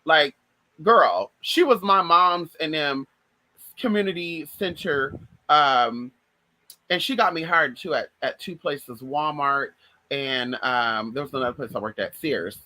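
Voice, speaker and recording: An adult woman vlogger tells stories in a casual chat with her viewers, swearing freely and calling them "y'all" and "girl." Her low voice is pushed and bright, her pace unhurried, and the recording quality is poor.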